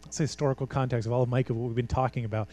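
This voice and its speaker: A man's voice: medium pitch, level tone, very fast, dark tone. A man preaching a sermon in a church, talking conversationally, pressing his points with emphasis and rhetorical questions. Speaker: pastor.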